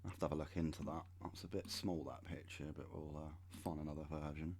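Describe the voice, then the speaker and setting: A man's voice: extremely low pitch, fairly even intonation, a little fast, a little mellow. A man in his thirties reading web pages aloud and adding wry, sarcastic asides as a channel host. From United Kingdom. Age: 30s.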